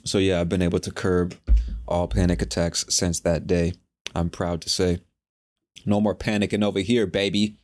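A young man hosting a casual solo podcast, talking in a profane, animated, slangy way. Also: low-pitched, moderate pace. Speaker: podcast host.

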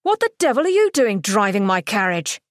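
A woman voicing a startled, well-bred young gentleman who splutters indignantly as she reads a romance novel aloud. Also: sits high, very animated, fairly quick, dry recording, clean studio sound.

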